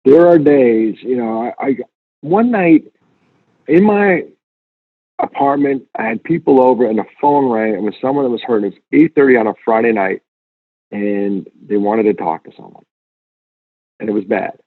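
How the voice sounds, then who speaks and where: A man speaking as a guest in an interview, earnest and emphatic, telling stories with lively repetition. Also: medium pitch, normal speed, long pauses, no echo. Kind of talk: conversational interview. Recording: tinny phone-line sound.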